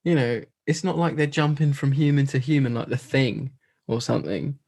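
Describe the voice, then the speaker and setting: A man's voice: medium pitch, normal speed, vocal fry, darkish tone. A man co-hosting a podcast in casual film chat, amused and incredulous, laughing often. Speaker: podcast co-host.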